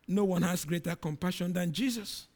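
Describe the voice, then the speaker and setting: A middle-aged man preaching a sermon, reading scripture dramatically with loud emphatic peaks and quiet low drops. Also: moderate pace.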